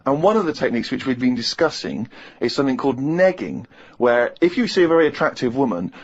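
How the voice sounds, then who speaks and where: A man in his thirties, co-hosting a radio show and telling a funny story, acting out other people's lines and laughing as he talks. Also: mid-range voice. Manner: animated anecdote-telling, acts out others' lines, laughs mid-sentence. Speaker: radio co-host. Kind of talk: casual radio chat, storytelling. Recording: slightly muffled radio recording.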